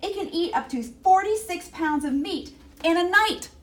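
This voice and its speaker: A woman presenting a children's library program, animated and gasping with exaggerated delight. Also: very high-pitched, normal speed. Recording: roomy echo, distant mic, faint hiss.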